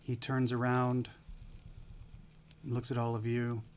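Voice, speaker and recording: A man narrating as game master in a tabletop game, telling the scene with relaxed pauses and fillers. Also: medium pitch, a little hiss or hum.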